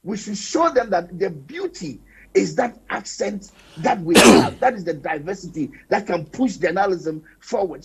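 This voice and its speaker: A man speaking as a panelist on a TV talk show, telling stories in an animated, emphatic way. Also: sits high, husky. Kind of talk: panel discussion. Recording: dull lo-fi broadcast sound.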